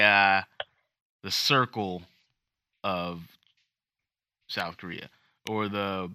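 A male podcast co-host who reads news aloud and chats in a joking, self-deprecating way. His voice is fairly low and very forceful. It is recorded dry and close. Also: dry recording. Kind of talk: casual chat and reading news aloud.

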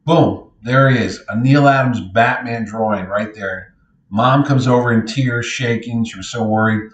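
A middle-aged man, a convention organizer, telling lively anecdotes in casual podcast style and acting out what others said. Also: medium pitch, a little slow, dull audio. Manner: animated anecdotes, acts out others' lines. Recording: roomy echo.

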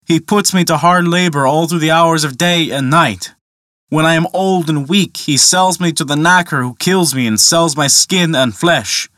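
Weary male camel, complaining, man reading, bright voice, dry close sound. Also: on the high side, normal speed, no room sound, natural voice. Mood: woeful. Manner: complaining, downtrodden. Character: weary male camel, huge but cowed.

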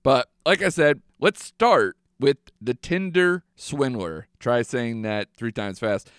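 A man's voice: mid-range voice, takes it slowly, clear, resonant tone, no echo, studio quality. A young man hosting a movie podcast, chatting casually and animatedly with lots of fillers. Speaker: podcast host.

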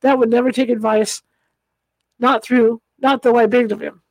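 A ragged old male adventurer, worn down and desperate, his words faltering and whimpering, as a woman reads him aloud in an audiobook. The voice sits fairly high and comes across in a close, dry recording. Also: level tone, moderate pace, no echo, rough recording. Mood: rambling, grieving. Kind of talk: audiobook reading.

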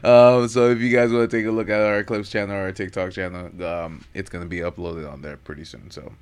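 Man, low voice, podcast co-host, casual chat, teasing, laughs a lot. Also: fairly even intonation, fairly quick, clean tone.

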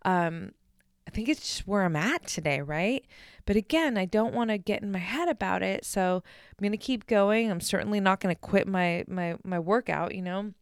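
A woman's voice: mid-range voice, normal speed, clean tone, no echo, clean studio sound. Candid, swearing woman podcaster. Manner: candid and energetic, swears freely, addresses listeners directly. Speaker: podcast host. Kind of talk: casual solo podcast monologue.

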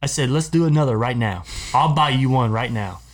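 In the studio, another podcast co-host rambles through a long story for his friends, repeating himself and laughing along. His mid-range voice moves briskly with lively intonation.

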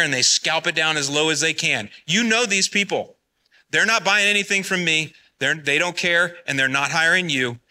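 A man with a very bright, sharp-edged voice, speaking from a conference stage. He talks bluntly and in a folksy, fired-up way, and his pitch sits a little high for a man. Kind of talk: live conference talk. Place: conference hall.

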